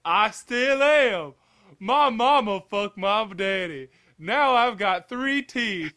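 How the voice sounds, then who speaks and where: A man voicing a slow-talking, dim-witted southern man with a put-on US Southern accent and a drawling manner. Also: high-pitched, expressive, bright, forceful tone, clean tone, voice pushed up, exaggerated voice. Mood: dopey.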